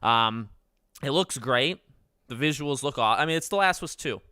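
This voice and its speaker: Bright, rambling young man streaming. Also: mid-range voice, expressive, normal speed, smooth, no echo, studio quality. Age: 20s. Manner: rambling, self-correcting, chatty with viewers. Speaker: livestream host. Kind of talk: casual livestream chat.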